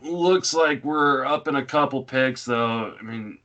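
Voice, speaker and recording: Bright-voiced man musing through a draft. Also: medium pitch, a little slow, muffled recording. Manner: rambling, thinking aloud with many fillers. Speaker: fantasy baseball podcast host. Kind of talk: casual live draft commentary.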